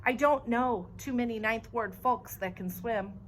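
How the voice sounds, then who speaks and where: A woman's voice: a little high, unhurried, slight background noise, close to an everyday voice. A woman voicing a brave young girl who talks urgently and firmly, in a storybook reading. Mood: reassuring. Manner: urgent, commanding, raised voice.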